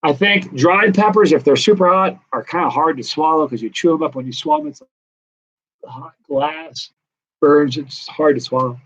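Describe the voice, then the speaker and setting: A man's voice: fairly high pitch, normal speed. Rambling man, dull lo-fi audio. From United States, East Coast. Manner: relaxed, rambling, reads out viewer comments. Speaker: host of a hot pepper channel. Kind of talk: casual live-stream Q&A chat.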